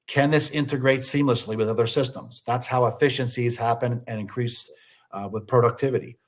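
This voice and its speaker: A man's voice: mid-range voice, steady tone. A man giving a business webinar presentation, posing questions and then answering them himself, with frequent "uh" fillers. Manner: slows down deliberately for listing items.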